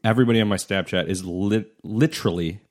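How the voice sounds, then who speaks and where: A man in his thirties, co-hosting a casual chat and telling jokey stories with lively mock quotes. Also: fairly low pitch, fast. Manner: joking, animated storytelling with mock quotes. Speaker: podcast co-host.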